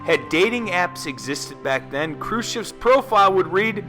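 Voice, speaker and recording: Male history narrator, wry and sarcastic, animated pitch, bright forceful tone, faint music behind. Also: unhurried. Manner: sarcastic, jokey asides. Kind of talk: scripted narration.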